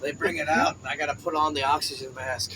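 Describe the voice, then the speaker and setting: A man voicing a frail, complaining elderly churchgoer, talking slowly in a quavering way. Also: fairly high pitch, steady tone, sharp tone, a little hiss or hum, low-quality recording. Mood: grumbling.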